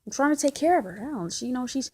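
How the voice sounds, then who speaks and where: Frustrated woman, husky voice, rambling casual vlog venting. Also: high-pitched, animated, fast talker, darkish tone.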